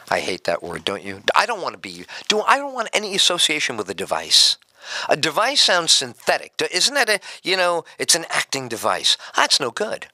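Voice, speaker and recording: A man's voice: mid-range voice, no echo. A middle-aged man hosting a live talk radio show, rambling, joking and bantering with his studio crew. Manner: loud, joking, self-mocking, talks to studio crew.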